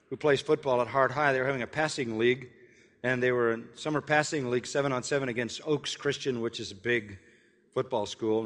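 An older man preaching a sermon, telling a personal story in an earnest way and slowly spelling words out letter by letter. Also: medium pitch, a bit bright, long reverb tail. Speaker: pastor.

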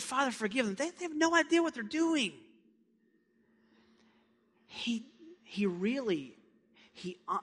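A male pastor preaching a sermon with passion, dropping to hushed tones and then building up loud. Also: high-pitched. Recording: long hall reverb.

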